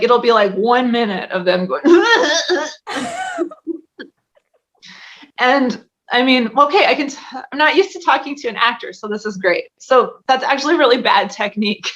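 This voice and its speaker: A woman's voice: a little high, moderate pace, fairly bright tone. A woman guest in a casual interview, talking chattily and laughing often. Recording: dull lo-fi audio.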